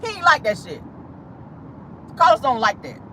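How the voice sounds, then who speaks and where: A woman hosting a casual celebrity gossip vlog, sassy and animated, laughing and talking straight to her viewers. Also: on the high side, moderate pace, slight background noise. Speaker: host.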